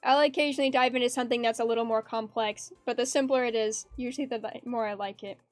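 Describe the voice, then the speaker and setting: A woman's voice: a little high, fairly even intonation, fast, no room sound. A woman streaming her art, chatting casually in a rambling, giggly way and reading chat aloud. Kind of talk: casual chat while drawing. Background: faint background music.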